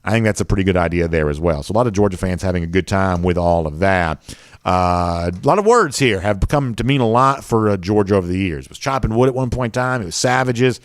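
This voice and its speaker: A man's voice: sits low, fast talker, no echo, clean studio sound. A man with a Southern accent hosting a sports show, chatting casually and reading viewer comments with lots of fillers. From American South.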